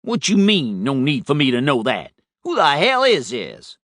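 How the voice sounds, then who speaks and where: A man voicing an exasperated businessman talking on his cell phone, raised and lively. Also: medium pitch, moderate pace, dry recording, studio quality, voice pushed up. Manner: brash, exasperated.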